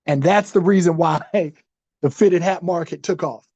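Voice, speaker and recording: Podcast co-host, male, high-pitched, loose and rambling, muffled dry recording. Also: moderate pace, darkish tone, dry recording. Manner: rambling, full of fillers like "you know what I'm saying". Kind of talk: casual chat.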